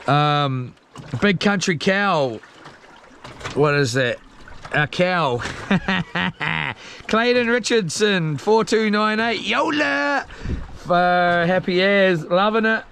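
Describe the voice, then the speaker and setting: A young New Zealander streams live from a small sea boat, reading out comments in an easygoing, slangy, rambling manner heavy on fillers. His voice is high and a bit bright, his pace slow, and there's a little hiss or hum.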